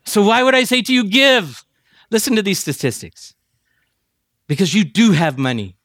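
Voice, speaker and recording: A man preaching a sermon to seminary students, emphatic and building to near shouts. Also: high-pitched, very animated, normal speed, dry recording, studio quality. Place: chapel addressing seminary students.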